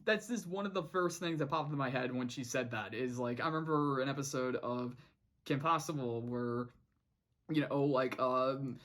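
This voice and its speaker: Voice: medium pitch, moderate pace, a bit bright. A cartoon reviewer recapping an episode in a casual vlog, rambling with many restarts and quoting the characters' lines.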